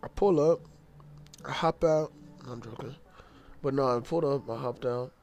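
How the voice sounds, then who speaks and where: A young man telling a rambling, profane story in casual slang, growing loud and animated when worked up. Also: medium pitch, normal speed.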